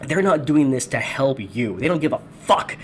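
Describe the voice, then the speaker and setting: A man's voice: medium pitch, sing-song, moderate pace, slight background noise. A man hosting a ranting video commentary, angry, sarcastic and profane. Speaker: commentary host.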